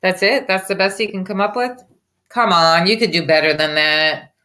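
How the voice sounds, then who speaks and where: A woman's voice: on the low side, normal speed, bright, forceful tone. A woman hosting reaction commentary over a clip, mocking and combative in tone. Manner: mocking, sarcastic, combative ranting. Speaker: commentary host.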